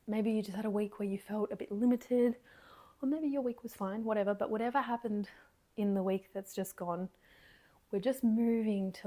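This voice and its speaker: A woman guides a short movement meditation at home, her voice gentle and encouraging. She is a little out of breath, and some phrases drop to a soft, breathy near-whisper. Her pitch sits in an ordinary middle range. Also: fairly even intonation, moderate pace. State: slightly out of breath. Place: lounge room at home.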